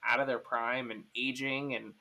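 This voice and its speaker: Bright-voiced man rambling casually. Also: mid-range voice, flat delivery, moderate pace. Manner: rambling, full of fillers and restarts. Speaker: podcast host. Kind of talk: casual sports chat.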